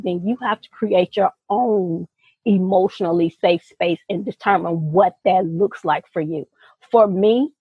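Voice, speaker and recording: Here a woman with a husky, medium-pitched voice is heard on a dry recording with a thin, phone-like quality. She co-hosts a podcast and talks with earnest, expressive warmth in a casual exchange, adding homespun asides along the way.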